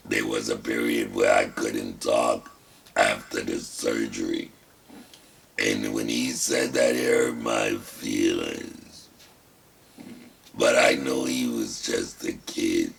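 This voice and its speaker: An older man hosting his own talk show, telling his story with wry self-mockery in a gravelly, rasping voice produced through a throat prosthesis. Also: extremely low pitch, fairly bright tone. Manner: wry, self-mocking, deliberate. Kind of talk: casual personal storytelling. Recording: distant mic with faint background hiss.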